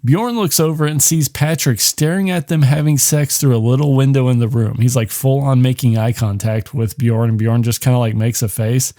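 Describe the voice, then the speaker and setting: Podcast host, male, mid-pitched, dry close sound; loose, profane, sarcastic film recap. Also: fairly even intonation, normal speed, hardly any pauses, warm tone, no room sound.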